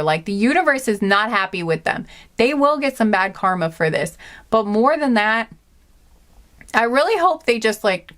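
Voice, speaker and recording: A young woman giving a casual tarot reading, talking in an animated, indignant way, rambling with many restarts and filler words. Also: medium pitch. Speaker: tarot reader.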